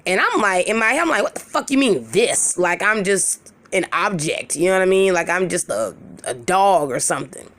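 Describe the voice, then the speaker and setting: A woman in her thirties telling a story to her viewers in a casual, profane, animated way. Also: fairly low pitch, normal speed. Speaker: storytelling vlogger.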